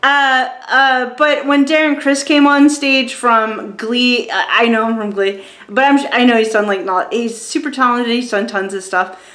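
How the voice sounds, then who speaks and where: A woman's voice: on the high side, fairly even intonation, unhurried, a bit bright. A woman in her forties telling a story in a casual, rambling way, with many fillers and restarts. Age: 40s. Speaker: vlogger reviewing a show. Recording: roomy echo.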